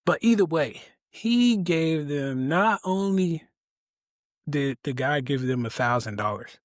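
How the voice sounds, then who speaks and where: Animated, laughing man on a podcast. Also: slow pace, no echo, studio quality. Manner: animated storyteller who laughs often and jumps to high pitch. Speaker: podcast guest, resilience speaker. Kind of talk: casual interview chat.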